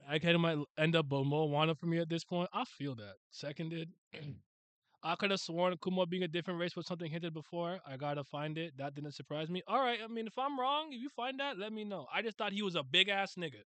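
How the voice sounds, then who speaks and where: Blunt, bright-voiced young man reacting. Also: fairly high pitch, fairly quick, clean tone, dry recording. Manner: blunt and dismissive, repeats himself, joking with chat. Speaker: streamer reading a comic aloud. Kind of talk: casual reaction commentary.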